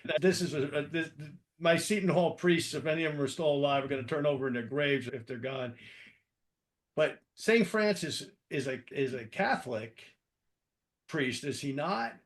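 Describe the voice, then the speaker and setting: A man's voice: fairly high pitch, moderate pace. A man from New Jersey who hosts an interview podcast and talks in a chatty, rambling way with self-deprecating asides. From New Jersey, East Coast. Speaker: podcast host. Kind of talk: casual interview conversation.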